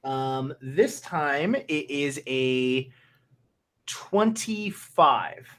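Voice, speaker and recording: A man running a tabletop game as game master, tallying dice aloud in a measured way. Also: medium pitch, expressive, fairly bright tone, a little hiss or hum.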